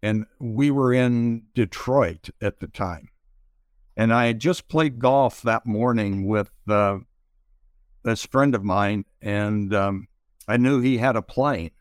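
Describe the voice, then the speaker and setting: An older man telling stories as an interview guest, halting with many pauses and fillers. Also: on the low side, no echo, clean studio sound. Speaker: interview guest, retired pitcher. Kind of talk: slow reflective storytelling.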